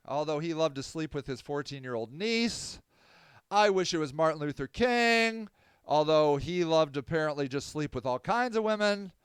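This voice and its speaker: A man hosting a podcast, rambling sardonically and apologetically, swinging from loud to mumbled. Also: on the high side, clear, resonant tone, dry recording, clean studio sound. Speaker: podcast host. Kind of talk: casual livestream podcast monologue.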